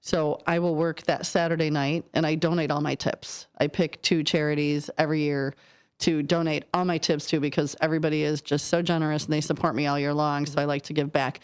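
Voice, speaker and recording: A woman hosting a casual radio chat in a studio, talkative and quick to laugh, firing off questions. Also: sits low, flat delivery, clean tone. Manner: chatty and giggly, quick questions. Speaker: radio host. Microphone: studio microphone.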